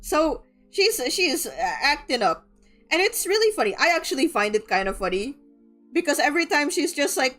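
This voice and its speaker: Chatty laughing woman, slightly high voice. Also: sing-song, moderate pace, fairly bright tone, faint music behind. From Philippines. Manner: chatty, laughing, filler-heavy. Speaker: streamer. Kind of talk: casual book discussion.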